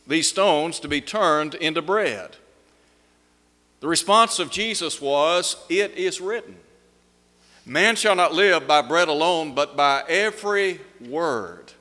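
A man preaching an evening sermon from the pulpit, with a measured cadence that slows down and speeds up for emphasis. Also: a little high, bright, forceful tone. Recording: long hall reverb.

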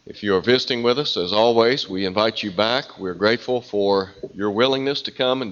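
A man preaching a sermon, his voice nasal and stuffy from a cold, speaking in a measured, earnest way. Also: lowish voice, a bit bright. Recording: dull lo-fi sound.

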